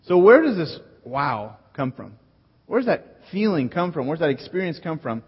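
A male pastor delivers an earnest, teacherly sermon in a husky, mid-pitched voice, returning to his key phrases. His voice carries a long reverb from a large church hall. The recording sounds slightly dull. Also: big pitch swings, moderate pace.

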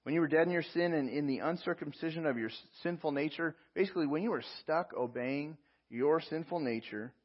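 A man's voice: a little high, brisk, muffled recording. A man preaching as a pastor, reading scripture aloud and explaining it verse by verse. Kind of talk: sermon.

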